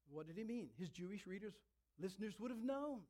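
A man with a high voice delivers a sermon with dramatic emphasis, slowing down to lean on key words. He preaches in a storytelling way to a congregation. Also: lively intonation, dark tone.

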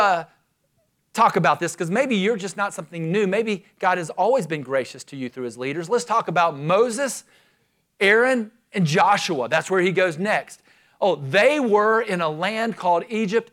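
A man's voice: high voice, a bit bright. A man preaching a sermon, retelling scripture and pressing his listeners with rhetorical questions.

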